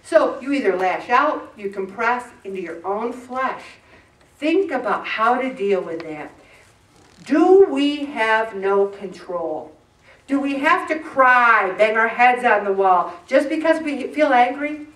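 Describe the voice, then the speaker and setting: A middle-aged woman giving an informal devotional talk, animated and acting out the voices she quotes. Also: mid-range voice, measured pace. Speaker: Christian speaker on emotions. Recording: echoey room, mic far off.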